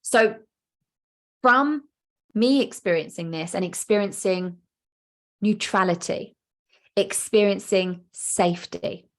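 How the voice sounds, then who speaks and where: Brief: woman, podcast coach, lively, emphatic, acts out voices. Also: medium pitch, slow, long pauses. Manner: animated, acts out inner voices, emphatic repetition. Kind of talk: podcast monologue.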